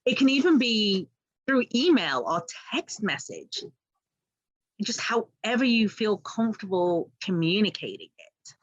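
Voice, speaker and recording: A woman's voice: mid-range voice, lively intonation, measured pace, dull audio. A woman hosts an interview podcast with a mid-range voice. The sound is dry and close, with no room echo behind it. She answers her guest conversationally and laughs easily. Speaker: podcast host.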